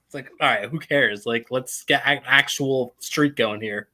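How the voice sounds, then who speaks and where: A man co-hosting a sports betting podcast, laid-back and hedging with many pauses. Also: mid-range voice, sharp tone. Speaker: podcast co-host making fight picks. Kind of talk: casual podcast chat.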